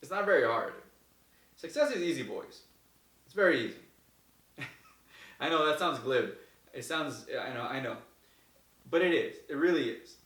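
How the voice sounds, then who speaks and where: Energetic man in an echoey room. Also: fairly high pitch. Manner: energetic, repeats himself, acts out quotes. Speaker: host answering viewer questions. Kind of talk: casual advice talk. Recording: echoey room, mic far off.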